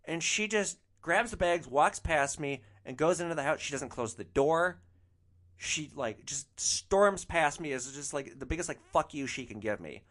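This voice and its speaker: A man hosting a podcast, telling rideshare stories in an animated, profane, exasperated way. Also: a little high. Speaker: podcast host, rideshare driver. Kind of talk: comic storytelling.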